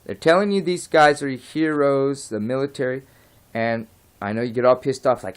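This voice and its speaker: A man's voice: mid-range voice, moderate pace. A man delivering an unscripted opinion rant as a vlogger, heated and rambling, swearing at times and drifting off track. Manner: swears and apologizes.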